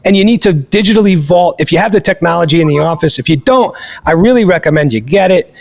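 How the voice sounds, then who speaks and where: A man hosting a podcast, telling a story in an animated, emphatic way and swearing freely. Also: high voice, fast talker, gravelly. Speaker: podcast host.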